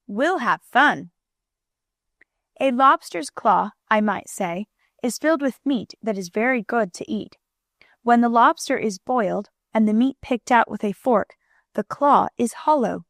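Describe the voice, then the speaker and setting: A woman reading a children's storybook aloud as an audiobook narrator, in a gentle, clear manner, lightly voicing the characters. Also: a little high, moderate pace, dry recording, studio quality.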